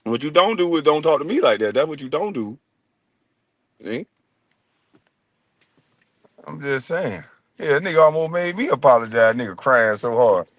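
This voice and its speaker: A man's voice: on the high side, lively intonation, moderate pace, pauses often, dry recording. A man hosting his own livestream, ranting in a profane, mocking way and laughing often. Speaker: livestream host.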